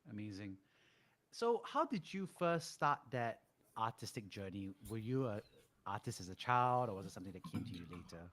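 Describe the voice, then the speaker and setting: A man's voice: on the low side, sing-song, moderate pace, fairly bright tone. A man hosting a podcast, asking short questions and giving brief encouraging replies. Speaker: podcast host. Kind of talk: interview questions.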